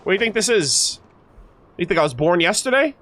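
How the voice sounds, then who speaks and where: A man streaming a game, reacting and joking excitedly with his chat as he plays. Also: high-pitched, brisk, a little hiss or hum. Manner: excitable, jokey, talks to chat. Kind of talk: casual gameplay reaction commentary. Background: faint game music.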